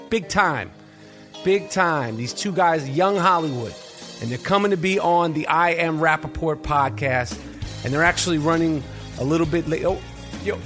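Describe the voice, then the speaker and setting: Brash, profane podcast host. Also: male voice, sits high, a bit bright. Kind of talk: casual podcast banter.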